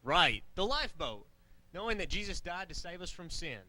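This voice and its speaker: A man voicing a level-headed puppet crewman in a children's church puppet show, calm and measured with dry teasing. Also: sits high, slight background noise, heavily acted. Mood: explaining.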